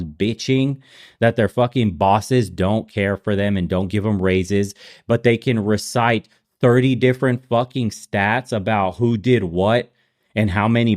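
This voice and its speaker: A man hosting a casual reaction commentary, ranting bluntly and swearing often. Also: mid-range voice. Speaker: host.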